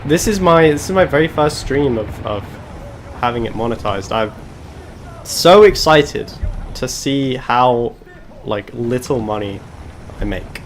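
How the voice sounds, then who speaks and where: A man's voice: mid-range voice, unhurried, slight background noise. A man streaming a game live, chatting with his viewers in a sarcastic, self-mocking, joking way. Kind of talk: live gaming stream chat.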